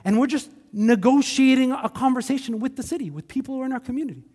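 A man with a Quebec accent preaching a conversational sermon as a pastor, animated and full of acted asides. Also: extremely high pitch, quick pace, husky, in a large hall. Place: church sanctuary.

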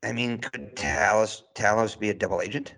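A man in easygoing podcast conversation with a gravelly, fry-tinged voice. He halts mid-phrase, restarts his thoughts and chuckles as he goes. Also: on the low side, animated, moderate pace, a bit bright. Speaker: podcast co-host. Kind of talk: casual chat.

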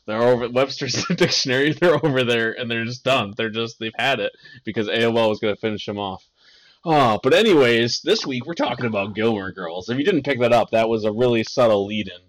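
A young man hosts a casual podcast chat, rambling through jokes and breaking into laughter mid-sentence. His voice sits at an ordinary middle pitch for a man. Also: fairly quick. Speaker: podcast host.

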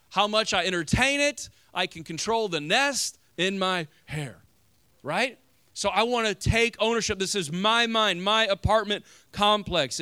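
A man's voice: high voice, pushed and bright, smooth, no room sound, studio quality. A man, a pastor, preaching a sermon energetically with sudden emphatic rises.

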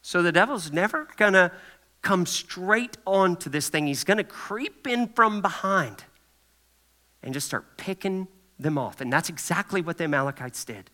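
A man preaching a sermon in an animated, folksy way, often checking in with the congregation. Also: sits high, normal speed. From Kentucky. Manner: animated, folksy, asks the room "right?" often. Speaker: pastor.

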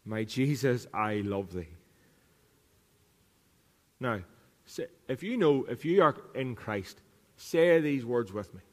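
A man's voice: mid-range voice, expressive, slow pace, pauses often, big-room sound. A man preaching a sermon as pastor, earnest, repeating key lines for emphasis. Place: church.

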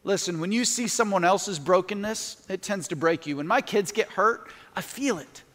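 A middle-aged pastor with a notably high voice delivers an earnest sermon, rising to emphatic peaks and slipping into spoken prayer. His words ring out with a long hall reverb in a large church. The delivery stays intent and heartfelt throughout. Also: moderate pace, fairly bright tone. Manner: earnest, building to emphatic peaks, prays aloud mid-talk.

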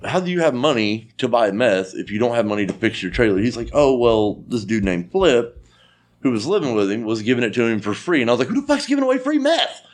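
A man's voice: mid-range voice, a little fast, slight background noise. A man telling a long story in a casual chat, swearing freely and acting out the dialogue. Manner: profane, animated storytelling with quoted dialogue.

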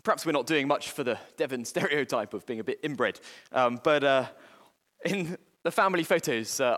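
A man preaches a sermon in a slightly raised voice, earnest and a little halting as he restarts his phrases. His words ring out with a long reverb, as in a large church hall. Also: fairly high pitch, a bit bright.

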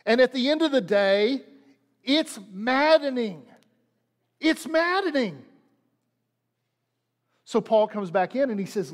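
A man's voice: sits high, expressive, normal speed, in a large hall. A man preaching a sermon as pastor, repeating lines and leaning hard on them for emphasis. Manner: preaching with dramatic emphasis and repetition.

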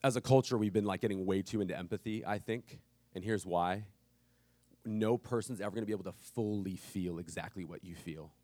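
A man's voice: deep voice, fairly quick, warm tone, no echo. A man in his thirties preaching a sermon, telling a family story casually and with humor. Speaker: pastor.

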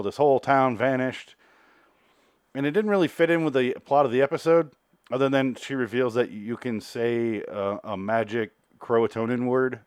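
A man's voice: medium pitch, no echo, clean studio sound. A man giving a casual, rambling, sarcastic TV episode recap and swearing freely. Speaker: TV recap host.

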